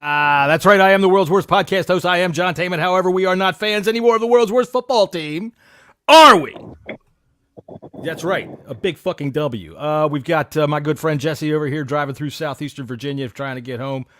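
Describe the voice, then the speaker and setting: A man's voice: fairly high pitch, brisk, few pauses, a bit bright, no room sound. Profane, teasing podcast host man. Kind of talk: casual podcast chat.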